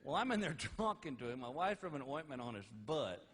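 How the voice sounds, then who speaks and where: A man's voice: fairly high pitch, big pitch swings, fairly quick, a bit bright. A middle-aged man doing stand-up storytelling, chatty and amused, often laughing at his own stories. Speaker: stand-up comedian.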